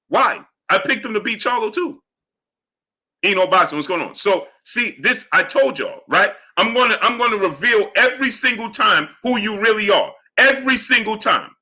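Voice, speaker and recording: A man's voice: sits high, expressive, fairly quick, bright, forceful tone. A man hosting a live boxing stream, arguing with chatters and greeting them by name. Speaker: livestream host. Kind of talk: live chat boxing talk.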